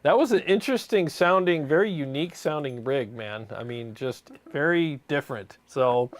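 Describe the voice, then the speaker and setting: A man's voice: on the high side, animated, moderate pace, hardly any pauses. A man hosting a gear livestream, chatting casually and laughing often, calling people "man". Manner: laid-back, laughs often, says "man" a lot.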